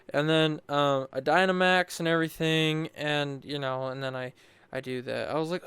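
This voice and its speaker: Over his gameplay footage, a young man recounts a battle in a chatty, animated way, rambling and frequently starting his sentences over. His voice sits on the high side with a clean tone at a moderate pace, and the recording is dry.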